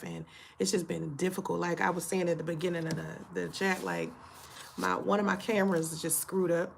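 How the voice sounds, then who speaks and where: Tired gravelly-voiced woman. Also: lowish voice. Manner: candid, storytelling, frequent fillers and profanity. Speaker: channel host. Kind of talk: casual chat to camera.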